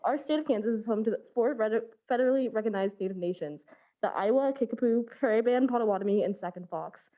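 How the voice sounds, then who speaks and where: A woman's voice: a little high, expressive, mellow, rough recording. A young woman presiding over a student senate meeting, reading a formal statement and moving through the agenda. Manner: reads prepared statements, then runs the agenda briskly.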